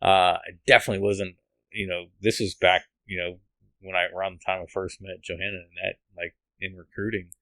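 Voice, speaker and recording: A man from the United States tells his faith story as a podcast guest, earnest and rambling, circling back and restarting his sentences. His voice sits a little low, and the sound is close and dry with no room echo. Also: little pitch movement, brisk, pushed and bright. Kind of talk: emotional testimony.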